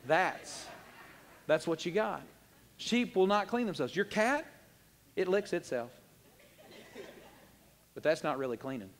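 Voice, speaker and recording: A pastor preaching a lively, joking sermon and acting out little voices. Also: male voice, high-pitched, unhurried, pauses often, in a large hall, a little hiss or hum. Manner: animated, jokey, acts out little voices.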